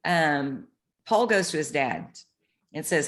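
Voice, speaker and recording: Speaking slowly in a deep, very animated voice, a middle-aged podcast co-host trades casual chat and candid stories, with plenty of swearing along the way.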